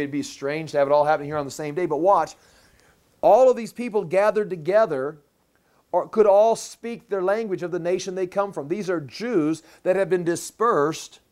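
A man with a high, light voice for a man preaches a sermon, walking through a scripture passage. He explains each point emphatically and slows right down on the words he wants to land. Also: a little mellow. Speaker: pastor. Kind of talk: sermon, verse-by-verse Bible teaching.

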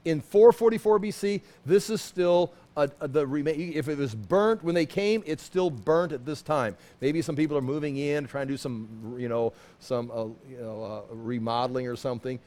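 A man's voice: fairly high pitch, normal speed, hardly any pauses, a little mellow. A middle-aged man teaching a Bible study in a loose, conversational way, pointing out places on a map and often restarting his sentences. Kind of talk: sermon.

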